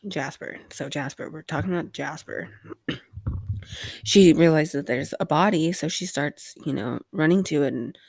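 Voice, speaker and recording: A woman's voice: deep voice, normal speed, vocal fry, darkish tone, no room sound, clean studio sound. A woman hosting a casual rewatch recap of a TV episode, rambling with lots of fillers and offhand swearing.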